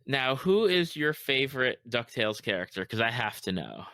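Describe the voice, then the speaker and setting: A middle-aged man hosting a podcast in casual chat, animated and quick to laugh. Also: medium pitch, no echo, studio quality. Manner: laughs easily, animated storytelling. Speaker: podcast host.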